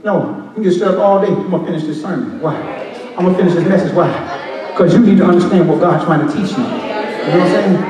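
Man preaching fired up, high voice, yells and kinda sings it, sounds far off in a big echoey church. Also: fast, crowd noise. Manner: impassioned, shouting and half-singing, street talk. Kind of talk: Pentecostal sermon. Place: church sanctuary.

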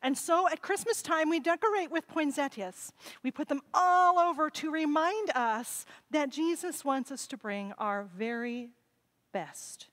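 Expressive woman telling children a story. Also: sits high, unhurried, poor audio. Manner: expressive, animated, invites the children to join in. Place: church sanctuary.

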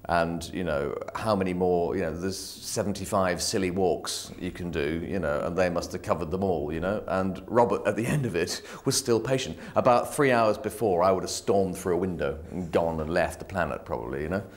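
A man with a deep voice reminisces in an interview. His talk is loose and rambling, filled with "you know.". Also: normal speed, few pauses. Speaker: cast member being interviewed.

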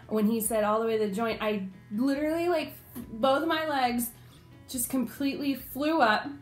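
Chatty young woman telling a story. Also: a little high. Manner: animated, acts out quotes in her telling. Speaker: vlogger. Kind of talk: casual storytime vlog.

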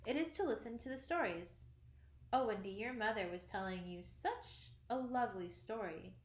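A woman's voice: mid-range voice, moderate pace, lightly acted. Eager coaxing boy hero, voiced by a woman, storybook read in a roomy space. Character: boastful eager young boy hero Peter. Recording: echoey room, faint ambience.

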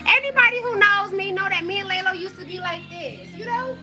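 Brash high-pitched young woman streamer. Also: a little fast, lo-fi sound, over loud music. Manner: loud, brash and joking, laughs often. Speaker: livestream host. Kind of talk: casual livestream chat with viewers.

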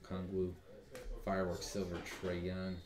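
Man, card break host, lower voice, quick card callouts, echoey room, crowd behind. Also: monotone. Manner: rattles off card names, joking banter. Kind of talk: live card break commentary.

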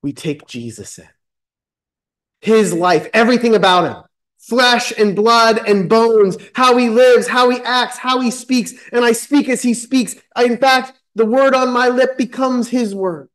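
Male pastor, higher-pitched voice, sermon delivery that reads scripture and then presses each point home by repeating it. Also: measured pace, fairly bright tone, rough recording. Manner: reads scripture aloud, then expounds with emphatic repetition.

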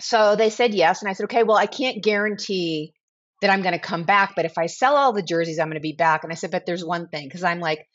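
A woman in her forties, a guest on a podcast, telling her story in a casual, animated way and acting out the dialogue. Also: lowish voice, a little fast, lo-fi sound. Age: 40s. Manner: animated, acts out quoted dialogue. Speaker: guest, brand founder.

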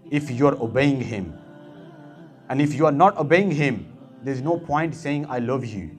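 A man preaching a sermon as an imam, impassioned and speaking straight to his listeners with rhetorical questions. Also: on the high side.

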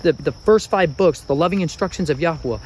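A man's voice: on the high side, brisk, slight background noise, poor audio. A man reading and explaining Bible passages to his family in a casual way. He keeps stopping to chat with his children. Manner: animated, chatty, breaks off to talk to his children. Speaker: father teaching scripture.

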